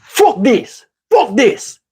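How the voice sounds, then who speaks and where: A man's voice: very high-pitched, sing-song, drawn-out words, darkish tone, husky, full character voice. A man voicing a big worker with an accent, frantic and repeating himself. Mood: panicky, shouting.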